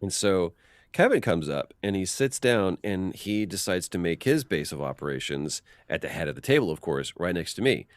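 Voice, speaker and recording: Low voiced guy spinning stories in an interview, really expressive, dry close sound. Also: normal speed, dry recording. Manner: animated anecdotes with acted-out quotes, frequent restarts. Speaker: voice actor guest. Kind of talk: casual interview storytelling.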